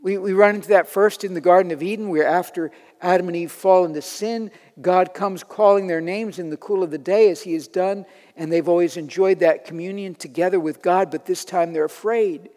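A man preaching a sermon in an earnest way, building to loud emphatic peaks. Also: high voice, fairly even intonation, a little fast, few pauses, big-room sound.

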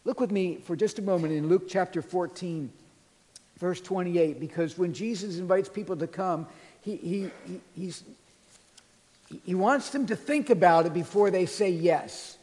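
Man, pastor, sermon, earnest preaching, mellow tone, long church reverb. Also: high voice, normal speed. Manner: earnest preaching, quotes scripture softly. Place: church sanctuary. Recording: long reverb of a large hall.

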